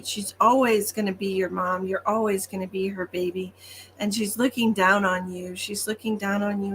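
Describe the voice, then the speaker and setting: A woman's voice: mid-range voice, a bit bright, slight background noise. A woman working as a psychic medium, giving chatty, reassuring readings on a livestream with frequent ums.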